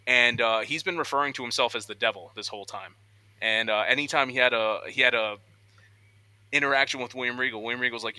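Excitable young man, bright dry voice. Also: medium pitch, quick pace, clean tone, dry recording. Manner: excitable, acts out quotes in voices. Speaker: podcast co-host. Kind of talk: casual news chat.

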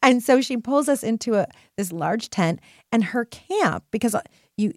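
A woman's voice: on the high side, expressive, normal speed, dry recording, studio quality. A woman podcast host and life coach telling a personal story in an earnest, emphatic way, often checking in with "right?".

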